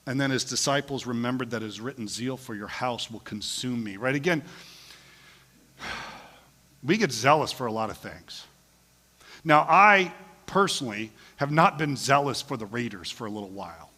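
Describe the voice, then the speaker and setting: A man's voice: mid-range voice, in a large hall. A man preaching a casual, joking sermon as pastor, often acting out quoted lines in different voices. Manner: animated, jokey, acts out quotes with voices. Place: church sanctuary.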